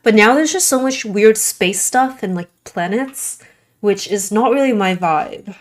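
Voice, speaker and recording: A woman's voice: medium pitch, expressive, a little slow. A young adult woman streaming a game and chatting casually, rambling with lots of "like" in a Valley Girl-ish way. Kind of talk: casual gaming stream chat.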